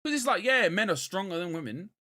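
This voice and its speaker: Brief: British male co-host, 30s, animated chatty storyteller, slightly high voice with wide swings. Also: quick pace. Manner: animated storyteller, swings between loud and muttered. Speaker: podcast co-host. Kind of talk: casual chat.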